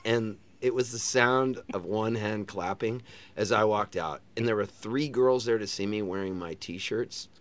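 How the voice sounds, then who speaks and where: A man's voice: fairly low pitch, a little slow. A middle-aged man, a touring singer-songwriter, telling stories in a casual interview and acting out other people's voices as he goes. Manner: animated storyteller who sings and acts out other people's lines. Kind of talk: casual storytelling chat.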